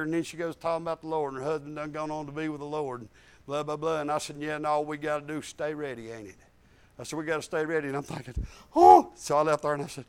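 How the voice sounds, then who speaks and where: A middle-aged man, preaching a sermon through folksy stories. He swings from loud exclamations to hushed, quiet lines. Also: on the high side, quick pace, clean tone.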